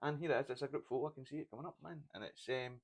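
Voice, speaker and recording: A man's voice: mid-range voice, very fast, vocal fry. A Scottish man hosting a comedy podcast in casual chat, laughing often and ending lines with "man".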